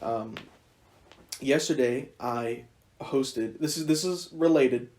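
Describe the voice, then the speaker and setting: A man's voice: medium pitch, slow. Rambling teenage guy chatting. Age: teens. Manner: rambling, animated, self-mocking. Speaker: podcast host. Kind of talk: casual chat.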